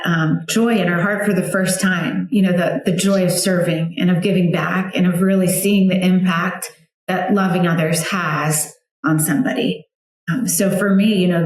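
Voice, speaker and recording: A woman's voice: fairly low pitch, heavy reverb. Chatty mother telling a heartfelt story. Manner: chatty, emotional storytelling with many fillers. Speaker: guest, founder of a flower outreach for widows. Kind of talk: personal storytelling interview.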